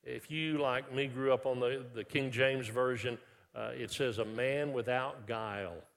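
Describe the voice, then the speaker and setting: A man from Texas, preaching a sermon in a lively, conversational way with frequent restarts, dropping soft when quoting scripture. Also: mid-range voice, unhurried. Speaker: pastor. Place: large church worship center. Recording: long reverb of a large hall.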